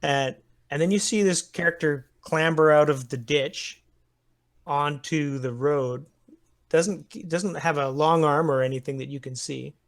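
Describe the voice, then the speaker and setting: A man's voice: a little high, unhurried. A man narrating a tabletop war game as game master, describing the scene step by step with frequent chuckles. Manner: descriptive, chuckles between lines.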